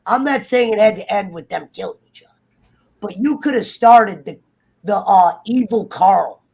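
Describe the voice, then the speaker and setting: A man in casual, heated chat, swearing freely and acting out characters in quick asides. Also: sits high, creaky, slightly rough. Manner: profane, animated, acts out characters in quick asides. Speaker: guest on a TV review talk show.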